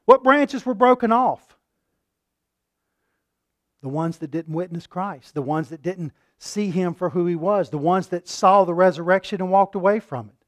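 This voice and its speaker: A man's voice: moderate pace, few pauses, no room sound. Emphatic preacher, man, dry sound. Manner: swings between loud emphatic peaks and quiet low asides; asks the congregation questions, repeats words for emphasis. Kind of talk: sermon.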